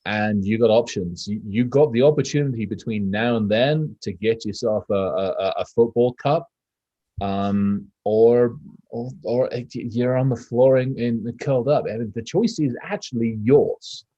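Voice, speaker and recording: A man's voice: medium pitch, a little slow, no room sound, muffled recording. A man co-hosting a casual podcast, rambling and profane, acting out quotes as he talks. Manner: rambling, profane, animated storytelling. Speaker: podcast co-host.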